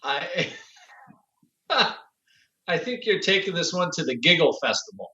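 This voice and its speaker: A man's voice: fairly high pitch, sing-song, unhurried, pushed and bright, reverberant, muffled recording. A man co-hosting a podcast in casual chat, giggling and laughing often as he talks. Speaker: podcast co-host.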